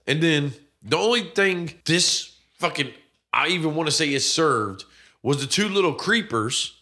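A man co-hosting a casual movie review chat, animated and swearing constantly. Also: on the high side, a little slow. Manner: animated, swears constantly, acts out quoted characters. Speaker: podcast co-host reviewing a movie.

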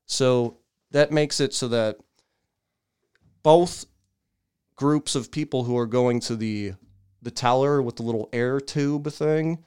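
Male podcast co-host, smooth resonant voice, vents and mimics others in casual banter. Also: mid-range voice. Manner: animated ranting storyteller, mimics people in loud raised voices. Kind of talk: casual chat.

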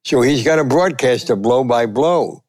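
An older man, a veteran sportswriter telling a lively story and acting out the quotes. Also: moderate pace. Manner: lively, acts out quotes with big pitch jumps. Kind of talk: animated storytelling.

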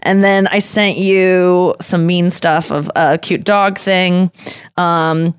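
A woman's voice: fairly low pitch, steady tone, slow pace, clean tone, no echo, clean studio sound. A woman co-hosting a podcast, chatting casually and telling stories in a rambling way that often breaks off and restarts mid-sentence. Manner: rambling, self-interrupting storyteller. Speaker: podcast co-host. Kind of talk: casual chat.

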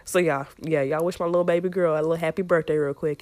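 A young woman hosting a podcast in a casual, chatty way, her voice hoarse and a little raspy from a scratchy throat. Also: sits low, fairly even intonation, fast talker, few pauses, darkish tone, no echo. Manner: chatty and playful, talks straight to listeners. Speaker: podcast host. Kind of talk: casual chat.

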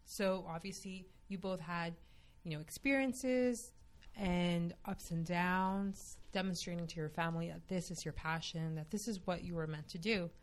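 A woman's voice: lowish voice, normal speed, few pauses. A woman interviewer asking long, earnest questions.

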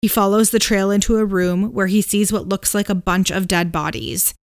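A podcast co-host, a woman, tells a ghost story in an easygoing way, leaning on fillers like "um" and "like" and hedging as she goes. Her mid-range voice keeps a normal speed, and the clean studio sound carries no echo.

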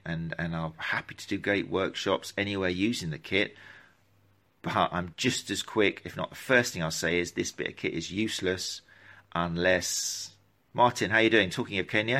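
A man's voice: deep voice, a little fast, bright, forceful tone. A man who runs gait analysis for runners, talking casually on a live stream and answering viewer questions in a rambling, self-interrupting way. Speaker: running gait analysis clinician.

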